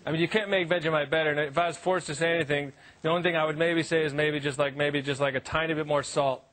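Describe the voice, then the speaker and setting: A man doing a stand-up set on TV, deadpan, jumping into silly voices for the people he quotes. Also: fairly high pitch, fast talker, background noise. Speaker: stand-up comedian. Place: TV studio stage. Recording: loud audience laughter, TV studio.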